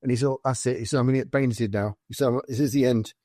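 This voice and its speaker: In racing delivery, a British man who once served in the army tells stories as a podcast guest. His voice sits mid-range, and his animated anecdotes include quoted dialogue in a conversational flow. Studio-quality audio, no echo.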